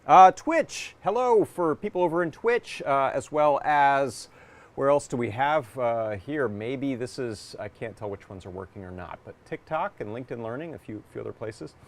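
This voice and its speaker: A man's voice: medium pitch, expressive, normal speed. A man hosting a live maker workshop stream, chatty and casual with lots of fillers, a bit congested from a cold. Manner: chatty, friendly, loose with fillers. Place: home workshop.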